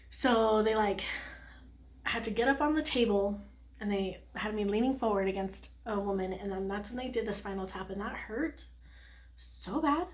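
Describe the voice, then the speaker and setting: A young woman vlogger telling a personal story to the camera while doing her makeup, chatty and full of "like" and little laughs. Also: medium pitch.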